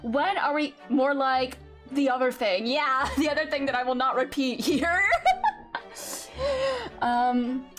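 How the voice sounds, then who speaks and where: A woman's voice: high-pitched, takes it slowly, a bit bright, soft background music. A woman streamer giving playful, giggly commentary while playing a game. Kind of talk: let's play commentary.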